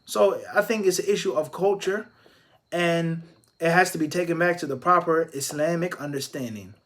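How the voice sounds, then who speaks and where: Guy with a higher voice doing a live q&a, answers questions, throws a lot of rhetorical questions at you. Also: fairly bright tone. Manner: emphatic, stacking rhetorical questions; measured explaining with Arabic religious phrases. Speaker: Islamic scholar answering viewer questions.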